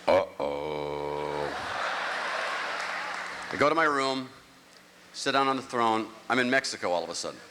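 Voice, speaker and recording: On stage at a large live venue, a middle-aged man runs through a rambling, self-mocking stand-up set, acting out his stories. His medium-pitched voice is lively in intonation and he talks fast over a very noisy crowd. The live show audio carries a long hall reverb.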